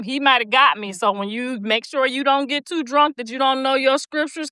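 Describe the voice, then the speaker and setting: Bright and forceful, her high voice comes across smooth with no room sound. She's a woman hosting a casual livestream, bluntly telling stories laced with profanity and preachy asides while reading out viewer comments.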